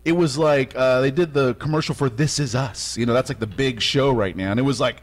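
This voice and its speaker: A man's voice: mid-range voice, a little fast. A male morning radio host telling stories in casual chat and laughing along with his guest. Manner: chatty, storytelling, laughs along. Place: radio studio.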